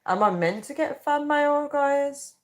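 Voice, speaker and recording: A woman's voice: high voice, animated, measured pace. A young woman chatting casually on a live stream, rambling and reading viewer comments aloud. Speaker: livestreamer.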